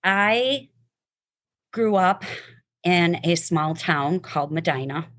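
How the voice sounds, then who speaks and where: A woman's voice: on the low side, lively intonation, slow, fairly bright tone. A woman sharing her personal testimony and reading a poem aloud, heartfelt and emotional, sometimes stumbling over words.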